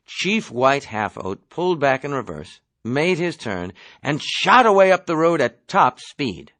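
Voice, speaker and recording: A man reading a novel aloud as an audiobook, in a measured storytelling delivery. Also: a little high, sing-song, fairly bright tone, no room sound. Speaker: audiobook reader. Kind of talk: novel narration.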